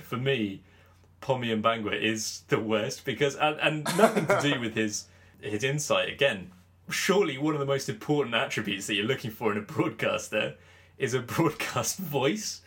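Joking podcast host. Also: male voice, mid-range voice, normal speed, a bit bright. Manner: joking, teasing, mimics commentators. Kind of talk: casual chat.

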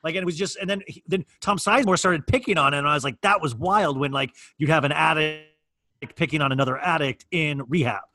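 A man with a fairly high voice co-hosts a podcast, rambling through stories with a steady stream of fillers. The sound is close and dry, with no room around it. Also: quick pace, no echo. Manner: rambling, filler-heavy storytelling. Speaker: podcast co-host. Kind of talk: casual chat. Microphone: studio microphone.

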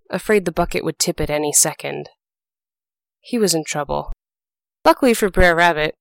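A woman hosting a podcast, reading folk tales aloud in an animated, expressive storytelling style. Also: lowish voice, smooth, no room sound. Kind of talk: scripted storytelling narration.

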